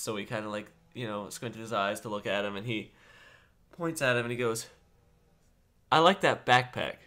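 Man with a bright voice, chatty. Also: medium pitch. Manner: laughs often, animated storytelling. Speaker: podcast co-host. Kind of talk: casual chat, storytelling.

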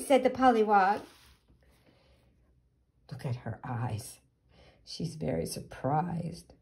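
Slow, lively-voiced woman reading a picture book. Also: medium pitch. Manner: gentle, asks listeners questions about the pictures. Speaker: storyteller reading to children.

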